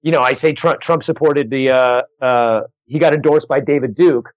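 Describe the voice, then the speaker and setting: A man working as a stand-up comedian, telling a story in a casual, animated way, restarting phrases and acting out the people in it. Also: medium pitch. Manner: animated, quick restarts, acts out other voices. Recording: dull lo-fi dry recording.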